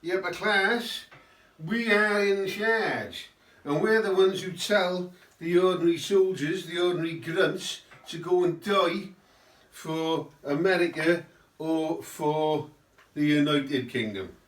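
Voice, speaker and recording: A man's voice: a little high, slow pace, fairly bright tone, roomy sound, far from the mic, rough recording. A man voicing a smug, dismissive British establishment man in a Cardiff accent, as if talking around a roll-up cigarette. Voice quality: talks with a roll-up cigarette in his mouth.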